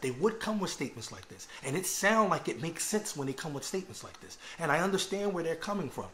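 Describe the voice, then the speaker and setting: A man lecturing on religion in an earnest, conversational way, pausing to ask his listeners if they follow. He talks at a quick clip. A faint hiss sits under the recording. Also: medium pitch. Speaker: Islamic lecturer.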